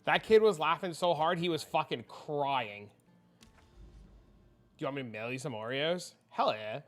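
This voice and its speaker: A man's voice: a little high, normal speed. A man, a father, chatting loosely and profanely on a game stream, telling stories with animation. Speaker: father of young kids. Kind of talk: casual livestream chat.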